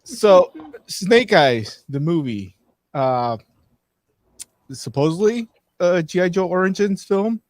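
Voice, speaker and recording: A man's voice: high voice, animated, slow, long pauses, dry recording. A man co-hosting a live talk show, rambling casually through frank movie opinions with many restarts. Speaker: podcast co-host.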